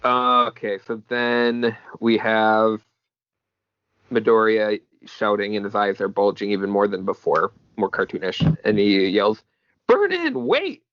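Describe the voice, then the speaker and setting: A man's voice: lowish voice, monotone, a little slow, clean tone, no echo. A man co-hosting a podcast, chatting casually and reading comic panels aloud in a laid-back way. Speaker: podcast co-host. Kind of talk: casual chat recapping a manga chapter. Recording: dull, dry lo-fi mic.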